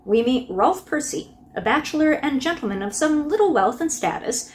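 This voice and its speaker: A woman's voice: high voice, animated, moderate pace. A woman hosting a casual book review, chatty and wry, with laughing asides.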